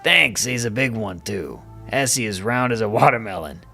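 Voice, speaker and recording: A man's voice: on the low side, animated, moderate pace, creaky, sharp tone, faint music behind, exaggerated voice. A man voicing a jovial, rambling animal father in a game who laughs at his own stories. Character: chatty male animal father, jovial storyteller.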